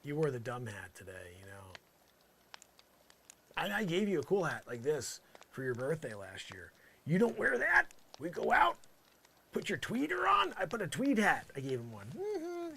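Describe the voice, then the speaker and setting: A comedian performs a character monologue as an improvised, rambling, sarcastic rant, swinging between exasperated outbursts and muttered asides. His medium-pitched voice is a bit bright, with a little hiss or hum.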